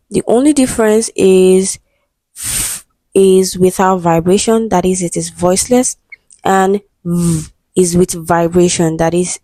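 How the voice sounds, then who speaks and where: A woman's voice: on the low side, warm tone, no echo. A woman, an English exam tutor, working through answers step by step and often checking in with "right?". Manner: methodical, checks in with "right?" and "okay".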